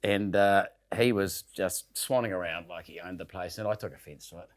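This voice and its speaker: A man's voice: sits low, moderate pace. A man with a New Zealand accent telling a rambling, laughing anecdote in casual podcast chat, swearing casually as he goes. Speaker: show regular telling a story.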